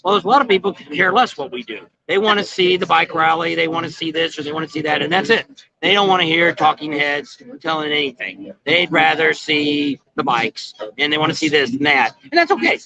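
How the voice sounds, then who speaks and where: A man's voice: fairly high pitch, brisk, gravelly, crowd noise. A middle-aged man hosting a casual livestream from an outdoor patio, rambling in a folksy way with many fillers. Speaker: vlog host. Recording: dull lo-fi phone stream.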